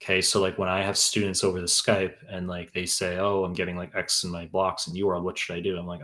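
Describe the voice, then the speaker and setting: A man's voice: sits low, flat delivery, fast talker, few pauses, fairly bright tone. A young man tutoring for medical exams on a live stream, reading out chat questions and answering in a blunt, profane, rambling way. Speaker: exam tutor.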